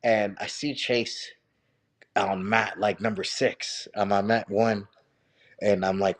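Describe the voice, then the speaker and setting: A man, a wrestling coach, telling stories as a podcast guest in an animated, profane way, often saying "bro". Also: fairly low pitch, slow. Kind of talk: casual storytelling.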